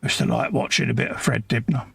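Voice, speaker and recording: A man's voice: medium pitch, animated, fast talker, gravelly, fairly bright tone, husky. A man from southern England, co-hosting a casual livestream, joking and reading out viewers' messages. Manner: joking, reads out food orders from chat. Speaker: co-host of a livestream. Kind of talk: casual chat.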